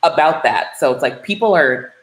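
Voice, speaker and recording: A woman's voice: deep voice, expressive, moderate pace. A woman teacher from Minnesota, a guest in a casual interview, talking candidly with lots of "like". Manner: candid and conversational, peppered with "like". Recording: roomy echoey room.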